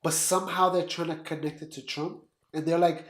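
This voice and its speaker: A man's voice: a little high, fast, echoey room. A man of Puerto Rican background co-hosting a casual podcast, giving blunt opinions and acting out what others might say. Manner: blunt, opinionated, talks in quoted asides. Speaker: podcast co-host. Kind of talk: casual political chat.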